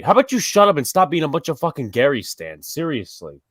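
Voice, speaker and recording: Livestream co-host, young New York man, angry ranter, pitch swings a lot. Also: very animated, quick pace, no echo, studio quality. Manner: angry ranting, heavy swearing. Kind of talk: heated live sports chat.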